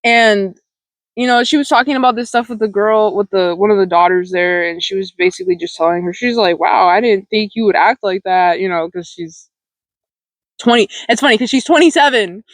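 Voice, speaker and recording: A woman in her twenties, a vlogger, talks casually and fairly quickly about a film, rambling with fillers, restarts, and plenty of laughs. Her voice is mid-range, and the close desk mic recording is poor but has no echo.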